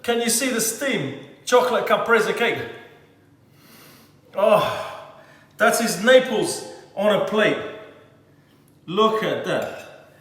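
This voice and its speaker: Man, cooking show host, high voice, effusive, theatrical, booming kitchen reverb. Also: lively intonation, slow, long pauses, fairly bright tone. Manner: effusive, theatrical, addresses viewers directly. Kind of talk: enthusiastic cooking demonstration.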